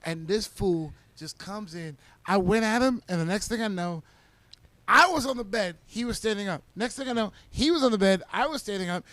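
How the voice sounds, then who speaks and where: A man's voice: sits high, normal speed, dry recording. A man co-hosting a podcast, telling a rowdy drinking story in casual chat and acting out the lines he quotes. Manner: animated, laughing, acts out quotes loudly. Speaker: podcast co-host.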